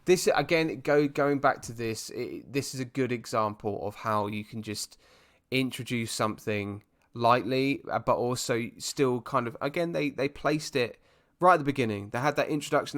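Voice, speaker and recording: This is a man from the UK co-hosting a casual chat podcast. His voice sits in an ordinary middle pitch. He talks in an animated, rambling way, full of restarts. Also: normal speed. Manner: animated, rambling, puts on voices and laughs often. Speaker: podcast co-host.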